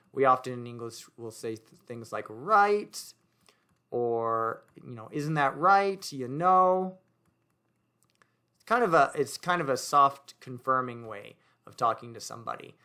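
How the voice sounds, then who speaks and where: His mid-range voice sounds pushed and bright as this man teaches grammar, writing on a board and reasoning out loud. He slips in casual fillers and corrects himself along the way.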